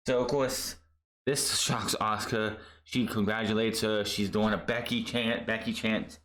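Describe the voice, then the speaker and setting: Male reviewer, casual and chatty, fillers galore, lowish voice, roomy recording. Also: unhurried. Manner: rambling, animated retelling with many fillers. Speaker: wrestling show reviewer. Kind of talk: casual recap commentary.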